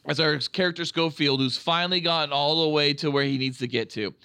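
A man co-hosting a podcast, chatting excitedly about a film with lots of swearing and acted-out quotes. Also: on the high side, brisk, clean tone, no echo, studio quality. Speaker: podcast co-host. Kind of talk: casual film review chat.

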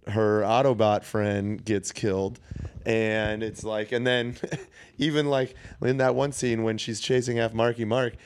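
A man co-hosting a casual movie podcast, talking in a measured, reasonable way. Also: on the low side, flat delivery, a little hiss or hum. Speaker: podcast co-host.

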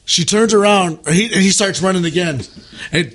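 A man in casual group chat, telling lively stories and laughing often. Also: high-pitched, brisk. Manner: animated storyteller, laughs often.

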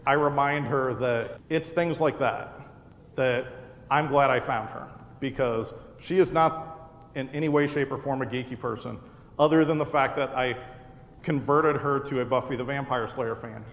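A man's voice: mid-range voice, moderate pace. A man hosting a live show, telling a funny personal story to an audience with laughter in his voice. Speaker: podcast host. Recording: echoey hall with a live audience.

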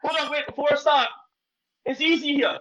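A man with a Scottish accent chatting loudly on a live stream, laughing and swearing. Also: very high voice, steady tone, brisk, rough recording. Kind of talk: casual banter. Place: home room.

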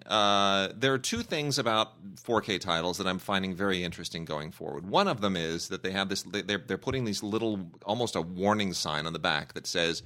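A fairly low-pitched man with a bright, forceful tone chats about films on a review podcast. He talks in an opinionated, rambling way, often restarting his sentences. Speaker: film critic co-host. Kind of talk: casual podcast review chat.

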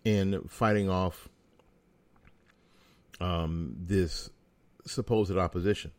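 A middle-aged man talks in a very low, deep voice, blunt and sarcastic with a folksy edge. He is an American talk show host riffing through an opinion monologue. The sound is dry and close, with no room around it. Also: fairly even intonation, takes it slowly, a little mellow, dry recording.

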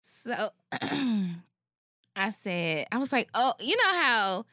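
Recorded in a clean studio with no echo, this woman co-hosts a podcast at a slow pace in a fairly high voice. Her casual, storytelling chat is animated, and she plays out the people in her anecdotes.

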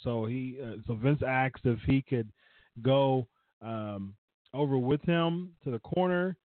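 A man's voice: medium pitch, slow, no echo. A man hosting a wrestling podcast, talking casually in a rambling way. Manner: rambling, many fillers and restarts. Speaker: podcast host. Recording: tinny phone-like line, dry.

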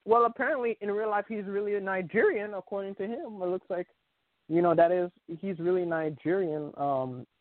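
Over a tinny, dry phone line, a sports talk podcast host rambles along, his voice high and his pace fairly quick. There's no echo, and his speech is full of fillers and restarts.

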